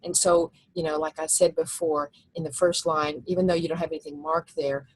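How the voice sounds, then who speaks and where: Husky low-voiced woman teaching a lecture. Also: flat delivery, brisk, rough recording. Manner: explanatory, with frequent fillers and restarts. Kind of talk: recorded lecture with slides.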